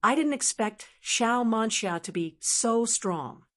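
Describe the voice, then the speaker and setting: A woman's voice: fairly high pitch, animated, slow pace, fairly bright tone. A woman narrator voicing an amazed elder watching a duel in an audiobook. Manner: amazed exclamation. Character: awed elder sect spectator.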